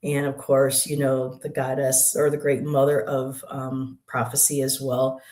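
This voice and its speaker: A host chats casually about spiritual practice, drifting through asides and pausing often. The voice sits in the middle of the pitch range. The room is echoey and roomy. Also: little pitch movement, a little mellow. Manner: meandering, halting, with many asides. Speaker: livestream co-host, artist and poet. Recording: roomy echo.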